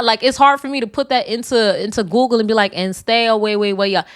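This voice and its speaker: A young woman hosting her own podcast in a casual, blunt and profane way, animated when she tells stories. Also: fairly high pitch, fast, few pauses, dry recording, studio quality. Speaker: podcast host. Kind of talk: casual solo podcast talk.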